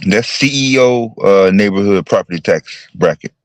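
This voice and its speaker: A man co-hosting a casual livestream chat, talking in an animated way and asking questions. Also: lowish voice, normal speed, dry recording. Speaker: co-host.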